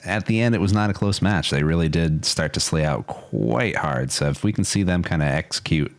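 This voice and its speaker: A man giving color commentary on a competitive shooter match, relaxed and agreeable with his co-caster. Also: sits low, a little fast. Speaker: esports co-caster.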